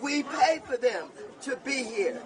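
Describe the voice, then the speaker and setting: A woman's voice: sits high, unhurried. A woman protesting outdoors, insistent and challenging a man at a door. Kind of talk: confrontational protest speech. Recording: crowd noise outdoors.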